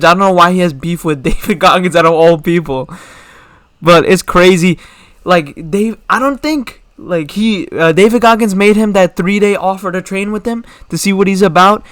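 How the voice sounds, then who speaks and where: A man's voice: high voice, a bit bright, no room sound. A young man hosting his own channel, giving casual, slangy opinion commentary full of rhetorical questions. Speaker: MMA commentary channel host.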